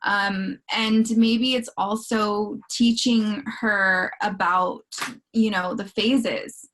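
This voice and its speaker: A woman's voice: medium pitch, fairly even intonation, drawn-out words, a bit bright. A woman hosting a workshop, casually answering questions and rambling with frequent restarts and filler words. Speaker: podcast host leading a workshop.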